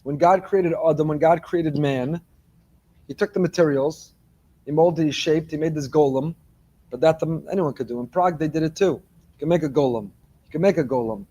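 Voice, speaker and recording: A man, a rabbi, giving a morning Torah class with lively delivery and joking asides to his listeners. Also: fairly high pitch, a little fast. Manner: animated, joking asides to the congregation.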